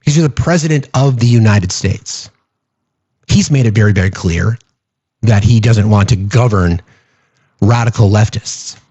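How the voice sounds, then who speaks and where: A man's voice: lowish voice, measured pace, pauses often, mellow, slightly rough, dry recording. A man hosting a political commentary show, speaking emphatically and repeating phrases for stress.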